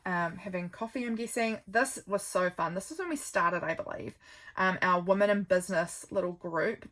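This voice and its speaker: A woman's voice: medium pitch, fairly bright tone. A woman, casually chatting and rambling as she flips through her calendar, with lots of ums. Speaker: vlogger.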